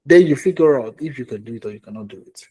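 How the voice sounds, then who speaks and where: A man's voice: mid-range voice, expressive, fast talker, mellow, slightly rough. A man with a Nigerian accent coaching job seekers in a conversational way, repeating his points and checking in with "okay?". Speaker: career coach. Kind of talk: live online coaching session.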